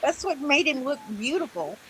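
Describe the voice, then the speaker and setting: A middle-aged woman chats casually with friends, telling stories in a talkative, emphatic way. Her voice sits a little high, with faint noise behind it. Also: sing-song, normal speed, sharp tone, low-quality recording. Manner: chatty storyteller, emphatic. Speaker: co-host. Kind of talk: casual group chat.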